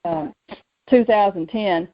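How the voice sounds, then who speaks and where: A woman hosting a faith radio show, telling her own story in a lively way and acting out the voices she quotes. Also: medium pitch, takes it slowly. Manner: lively, acts out quoted voices, laughs often. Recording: muffled lo-fi radio audio.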